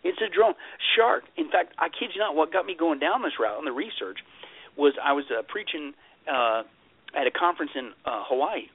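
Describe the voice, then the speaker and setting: Man, pastor as interview guest, husky voice, emphatic, jokey, tinny phone sound. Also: on the high side, lively intonation, moderate pace, no room sound. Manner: emphatic and joking, repeats punchlines. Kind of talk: animated interview storytelling.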